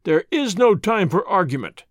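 A man voicing a bold masked highwayman who gives stern commands, read as an audiobook. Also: sing-song, normal speed, no echo, clean studio sound. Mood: commanding.

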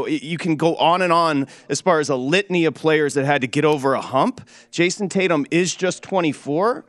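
A man's voice: fairly high pitch, no room sound. A man from Detroit hosting a sports betting show, teasing his co-host in a wry, mock-solemn way. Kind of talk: sports betting radio chat.

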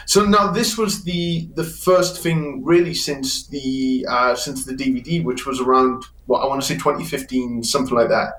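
A man's voice: mid-range voice, normal speed, few pauses, a bit bright. British man interviewing in a roomy space. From United Kingdom. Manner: chatty, self-deprecating, prone to restarts. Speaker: YouTube interviewer. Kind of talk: casual interview. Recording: roomy echo.

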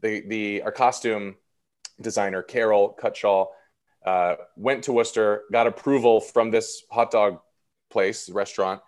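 A man in his thirties talks as an actor guest on an interview show, his voice sitting low. He rambles in an easy, self-deprecating way, full of fillers. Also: steady tone, measured pace. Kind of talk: casual interview chat.

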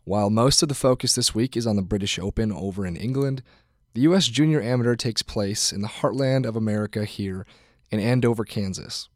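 A man's voice: fairly low pitch, a little fast, dry recording, clean studio sound. A man reading a scripted sponsor message for a podcast. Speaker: sponsor announcer. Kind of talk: scripted read.

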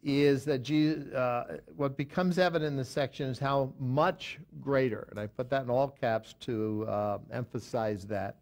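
A man's voice: mid-range voice, a little mellow. A middle-aged man leads a Bible study in a plain, mid-range voice. He talks off the cuff, stopping and correcting himself often, then lifts his voice to stress the verses he reads aloud. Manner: halting, many fillers and self-corrections, reads verses aloud with emphasis. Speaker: pastor teaching a Bible study. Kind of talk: unscripted Bible teaching.

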